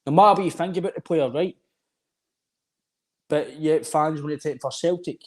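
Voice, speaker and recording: A Scottish man co-hosting a football podcast, talking in an animated, opinionated way and pushing his point over the other speaker. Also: a little high, moderate pace. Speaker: podcast co-host. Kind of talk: casual football chat.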